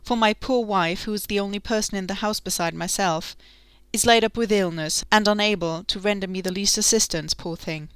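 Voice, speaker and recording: Woman reading as a fawning innkeeper, bright and crisp. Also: mid-range voice, a little fast, no room sound, natural voice. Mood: self-pitying. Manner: eager, obsequious, chatty. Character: fawning middle-aged male innkeeper.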